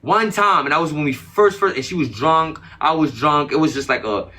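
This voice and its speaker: A man talks through a casual interview with a bright, forceful edge to his voice. He is emphatic and slangy, and he circles back to repeat his points defensively. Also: fairly high pitch, normal speed. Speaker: interview guest.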